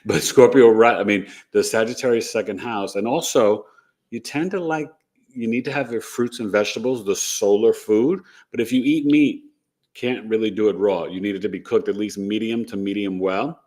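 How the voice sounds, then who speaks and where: Hosting an astrology show, a man with a somewhat low, slightly mellow voice talks at a moderate pace. His live-stream chatter is casual and rambling, and "right?" caps many of his points.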